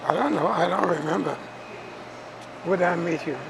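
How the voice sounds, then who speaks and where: A man's voice: sits high, normal speed, gravelly, noisy background. A man in his eighties who talks in short, unsure questions. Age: 80s. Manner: confused, questioning.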